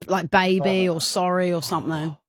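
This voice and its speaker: A young woman with an Australian accent hosting a radio show, bossy, playful and quick to laugh. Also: lowish voice, steady tone, dry recording. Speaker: radio host. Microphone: studio mic.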